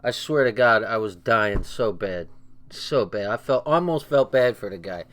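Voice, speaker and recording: A man's voice: on the low side, animated, moderate pace, fairly bright tone. Profane, laughing older man streaming late. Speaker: livestream host. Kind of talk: late-night livestream commentary.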